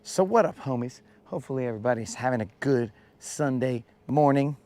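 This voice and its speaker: A man's voice: medium pitch, lively intonation, a little fast, darkish tone. A man hosting a fishing livestream outdoors on a lake, joking in slang and greeting viewers by name. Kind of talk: casual live-stream chat.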